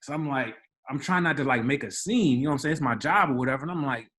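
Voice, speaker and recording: A man's voice: medium pitch, quick pace. A young man from the Washington DC area, a podcast co-host telling a story in casual chat, acting out the voices of the people in it. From Washington DC area, Maryland. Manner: animated storyteller, acts out quoted voices.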